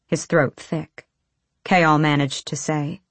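A woman narrating a fantasy audiobook in a measured, low-key storytelling manner. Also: flat delivery, no echo.

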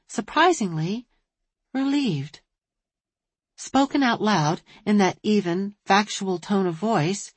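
A woman narrating an audiobook in a measured storytelling manner, recorded close on a studio mic. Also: medium pitch, no echo. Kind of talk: scripted narration.

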